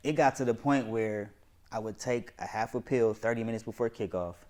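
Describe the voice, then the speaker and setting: A young man on a casual talk show, telling stories with lively acted-out quotes. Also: mid-range voice, a little fast. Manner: animated storyteller, acts out quotes. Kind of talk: casual chat.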